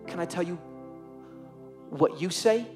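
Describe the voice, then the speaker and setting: A man's voice: high voice, a little slow, music in the background. A young man preaching a sermon to teenagers as youth pastor, earnest and emotional, repeating phrases for emphasis.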